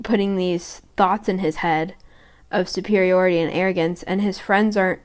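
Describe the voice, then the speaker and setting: A young woman co-hosting a podcast, retelling book scenes in a casual, animated way. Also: lowish voice, normal speed. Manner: reads book quotes aloud, animated retelling. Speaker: podcast co-host. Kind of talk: casual fan discussion.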